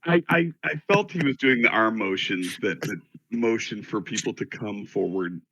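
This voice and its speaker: A man with a low, gravelly voice chimes into a tabletop game with dry joking asides. His tone is bright and edgy despite the depth. The sound is dry and dull, like a cheap lo-fi mic. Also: expressive, normal speed, no room sound. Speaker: player. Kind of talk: casual tabletop game chat.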